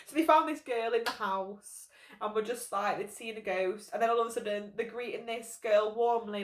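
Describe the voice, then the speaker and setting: Young girl reading her old story, sarcastic swearing asides, highish voice, echoey room. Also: normal speed, noisy background. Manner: sarcastic, sweary running commentary. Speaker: vlogger. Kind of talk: reading aloud with comic asides. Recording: roomy echo.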